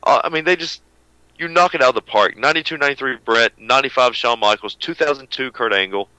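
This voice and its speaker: A man's voice: medium pitch, quick pace, bright, forceful tone, clean tone, no echo, rough recording. A man co-hosting a wrestling radio show, talking in a brash, profane, rambling way. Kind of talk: casual uncensored radio banter.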